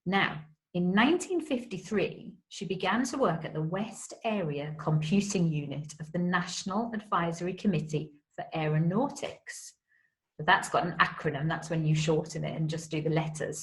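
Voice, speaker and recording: Casting note: woman, slightly low voice, patient primary teacher explaining history to kids. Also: moderate pace, rough recording. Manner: friendly, explains terms simply for children. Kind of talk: home-school history lesson for children.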